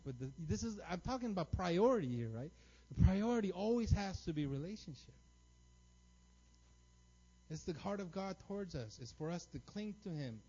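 A man in his thirties preaching a sermon, telling stories with lots of energy and checking in with the crowd by asking "right?". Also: on the high side. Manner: animated storytelling, frequent "right?" tags. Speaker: pastor. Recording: dull lo-fi recording.

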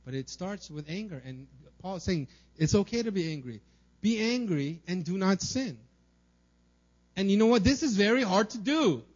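A pastor with a high-sitting voice and big pitch swings delivers a brisk, conversational sermon over a muffled recording. He frequently tags "right?" and mutters little acted-out everyday lines as asides.

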